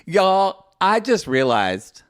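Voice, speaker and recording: Campy playful guy cohosting a podcast, slow drawl, lively up and down voice. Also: high voice, smooth, no room sound, clean studio sound. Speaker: podcast co-host. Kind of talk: casual chat.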